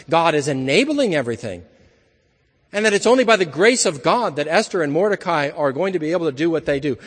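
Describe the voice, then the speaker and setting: A man's voice: fairly high pitch, lively intonation, brisk, fairly bright tone, in a large hall. A man preaching an evening sermon in an earnest, emphatic manner, building his points through repeated phrases.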